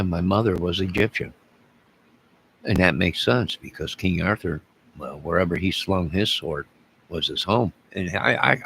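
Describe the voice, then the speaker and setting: A man with a very low, gravelly voice hosts his own video channel. He rambles from one thing to the next and keeps restarting his sentences. A faint hiss of noise sits behind him. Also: low-quality recording. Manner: rambling, digressive, with frequent restarts. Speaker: YouTube channel host. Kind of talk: rambling solo vlog.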